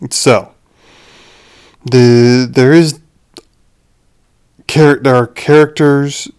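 A young man rambles through a casual movie review as a podcast host, doubling back and restarting his sentences. His voice is smooth and clear, and he takes his time, speaking slowly at a mid pitch. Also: a little mellow.

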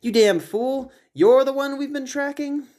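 A man puts on a wild-eyed, obsessive Bigfoot hunter with a pompous, theatrical delivery, pitched well above a normal speaking voice. He is indignant and grandiose in this comic storybook reading. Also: measured pace, a little mellow.

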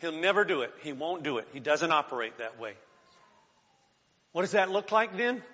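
Male pastor, high voice; sermon delivery with shouted calls and soft asides; dull, echoing church hall sound. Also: lively intonation, moderate pace. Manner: preaching with call-and-response, swinging from shouts to quiet asides.

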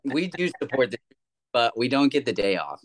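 A man's voice: medium pitch, big pitch swings, fairly quick. A man joining a casual podcast as a guest, talking in an upbeat, cheering way.

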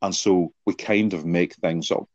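Male podcast guest, low and deep, earnest explainer, dry, muffled sound. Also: fairly even intonation, unhurried, dry recording. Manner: earnest, explanatory, poses rhetorical questions. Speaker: guest, sports psychology author. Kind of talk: podcast interview answers with anecdotes. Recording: dull lo-fi sound.

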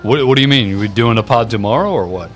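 A man's voice: fairly low pitch, fast talker, faint music behind. A young man co-hosting a podcast, teasing his friends in crude, casual banter full of swearing. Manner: loud, teasing, swears a lot. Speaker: podcast co-host.

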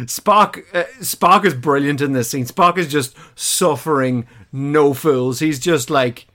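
A man's voice: a little high, unhurried, bright, forceful tone. A man co-hosting a podcast, casually recapping an episode, chatty and hesitant with many fillers. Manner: chatty and hesitant, lots of fillers, laughs as he talks. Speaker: podcast co-host watching a classic series for the first time.

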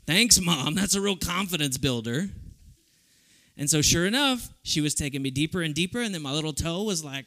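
Animated man preaching to youth. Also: a little high, moderate pace. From South Texas. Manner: animated, humorous, acts out quoted voices. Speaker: youth camp speaker. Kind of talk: youth sermon with storytelling.

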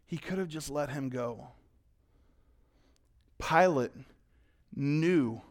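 A male pastor preaching a sermon, animated, acting out voices and swinging between loud and quiet. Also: a little high.

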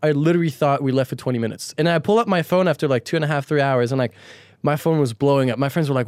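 A young man from France chatting in quick, casual storytelling as a podcast co-host. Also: fairly high pitch, darkish tone, no room sound, clean studio sound. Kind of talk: casual chat.

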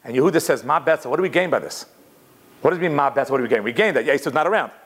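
A man teaching a Torah class in a lively, conversational way, weaving Hebrew quotations into plain talk. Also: medium pitch, rapid-fire. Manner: animated, conversational, mixes Hebrew quotes in.

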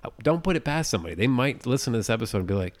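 A man's voice: mid-range voice, sing-song, rapid-fire. A man co-hosting a podcast in casual chat, telling rambling stories and often checking in with "you know what I'm saying". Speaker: podcast co-host.

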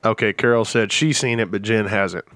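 A man's voice: on the low side, fairly even intonation, normal speed, fairly bright tone, slight background noise. A man co-hosting a podcast, chatting casually, reading out listener messages and swearing. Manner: swears, reads out listener chat. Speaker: podcast co-host. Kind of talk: casual chat.

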